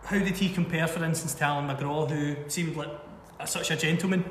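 A man's voice: on the high side, fairly even intonation, fairly quick, fairly bright tone, a little hiss or hum. A man interviewing a guest in a conversational way, asking leading questions. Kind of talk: casual interview. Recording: distant mic in echoey room, long reverb.

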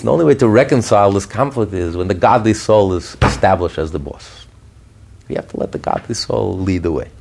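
A man giving a podcast Torah class, telling stories in an animated way with frequent restarts and chuckles. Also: fairly low pitch, creaky, husky. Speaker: Torah teacher.

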